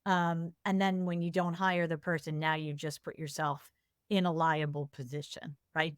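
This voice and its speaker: Animated woman guest telling stories, dry sound. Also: low-pitched, normal speed, clean tone, no room sound. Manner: animated storyteller, acts out quoted exchanges. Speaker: HR compliance expert guest. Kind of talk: casual business discussion.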